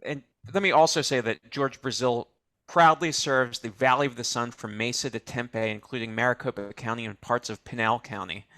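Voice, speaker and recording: A man co-hosting a comedy show, dry and rambling with hesitant fillers, pitching a clip. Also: steady tone, normal speed, a bit bright, dry recording. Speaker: co-host. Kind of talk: casual comedic chat.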